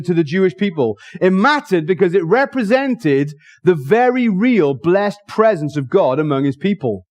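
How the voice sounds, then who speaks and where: A male preacher with a slightly high voice, talking fast and with real excitement. He is jokey and casual, often rushing and restarting his sentences as he preaches to a church. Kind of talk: sermon.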